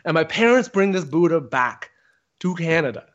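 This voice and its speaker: Animated high-voiced man telling a story. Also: normal speed. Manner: animated, profane, acts out quotes with big pitch jumps. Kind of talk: casual storytelling chat. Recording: dull lo-fi sound.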